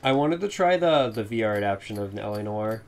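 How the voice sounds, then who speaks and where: A man playing a game on a let's play, giving casual commentary in a matter-of-fact way and quick to correct his co-host. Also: lowish voice, animated, vocal fry, slight background noise.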